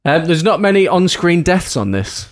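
A man's voice: sits high, sing-song, moderate pace. A man hosting a podcast, reading out trivia in casual chat and laughing often. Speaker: podcast host.

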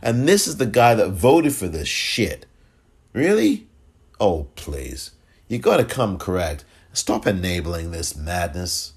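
A man hosting a solo political podcast, ranting with exasperation, swearing freely and throwing in sarcastic asides. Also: low voice. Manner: animated, exasperated, profane, quick sarcastic asides. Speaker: podcast host.

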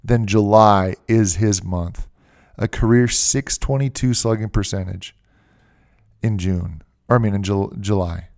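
A man with a fairly low voice hosts a casual podcast, thinking out loud as he goes. His tone is warm and mellow, and he often stops to restart a phrase before carrying on. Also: unhurried. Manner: rambling, conversational, often restarts mid-phrase. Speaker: podcast host. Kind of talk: casual fantasy baseball podcast talk.

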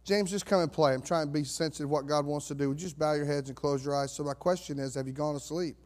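A man preaching a sermon as pastor, fervent, swinging between fired-up shouts and hushed asides. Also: fairly high pitch, fairly even intonation, fast. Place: church sanctuary.

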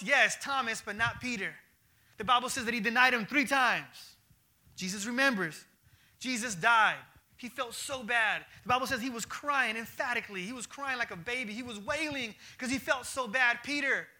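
A man preaching a sermon as pastor in an animated, slangy, conversational manner. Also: very high voice.

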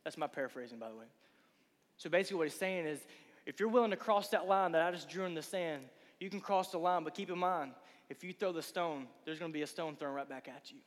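A man preaching a casual youth sermon, asking the crowd rhetorical questions and acting out quick voices. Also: high-pitched. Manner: acts out voices of Bible figures and listeners. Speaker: youth pastor. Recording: long hall reverb.

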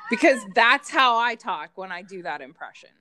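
A woman's voice: fairly high pitch, sing-song, normal speed, bright, forceful tone, slight background noise. A woman from the Pittsburgh area, co-hosting a podcast in casual chat and laughing often. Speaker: podcast co-host.

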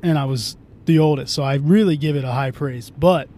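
A man with a slightly high voice rambles through a casual podcast chat, swearing freely and starting his sentences over and over. He talks from inside a moving car, with a faint engine rumble under his voice. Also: fairly quick, mellow. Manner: rambling, profane, restarts often. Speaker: podcast host.

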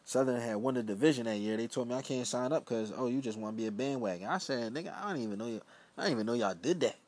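A man's voice: mid-range voice, fast, a little mellow. A young man, hosting his own show in a loose, rambling solo talk that keeps trailing off into mumbled asides. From Philadelphia. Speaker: podcast host. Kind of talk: casual solo monologue.

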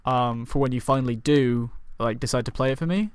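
A man's voice: mid-range voice, a little fast, clean tone, no room sound. A young man co-hosting a podcast in casual banter, rambling with lots of filler words. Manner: rambling, lots of likes, incredulous. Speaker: podcast co-host.

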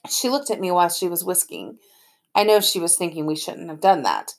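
Woman, audiobook narrator, first-person story, gravelly, creaky edge. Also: lowish voice, sing-song, fairly quick. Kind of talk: scripted narration.

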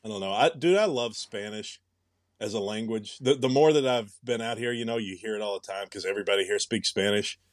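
This podcast co-host is a young man with a fairly low voice who talks fairly quickly, rambling and musing aloud with frequent restarts. The casual chat is captured as a dry recording with clean studio sound.

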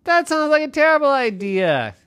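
A man voicing a whiny, excitable young boy in a bedtime story, pleading in a high voice. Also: normal speed, no echo, studio quality, heavily acted. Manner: high, pleading, dramatic outbursts.

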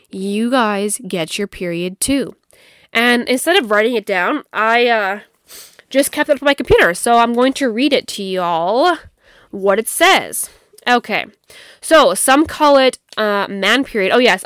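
A woman's voice: mid-range voice, fairly bright tone, clean tone, no room sound, studio quality. A young woman hosting a casual, candid chat, tired and cursing freely as she sips wine. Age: young adult. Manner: candid and profane, laughing, drinking wine. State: tired, yawning. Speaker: podcast host.

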